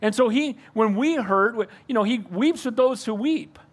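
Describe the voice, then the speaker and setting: A man's voice: very high-pitched, lively intonation, a little slow. An older man preaching a sermon as pastor, earnest and calling out to the congregation for amens.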